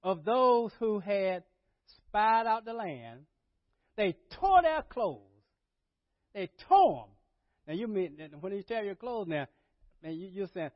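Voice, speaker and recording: Male pastor, high, very animated pitch, slow folksy delivery, dull dry recording. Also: dry recording. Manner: folksy preaching, swings from low murmurs to loud dramatic paraphrase. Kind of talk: sermon. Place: church.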